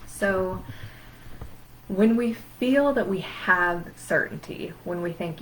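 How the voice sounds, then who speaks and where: A woman therapist explains anxiety in an emphatic educational talk. Her voice sits fairly low for a woman, and she strings words together in rhythmic runs, with faint background noise. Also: takes it slowly, poor audio.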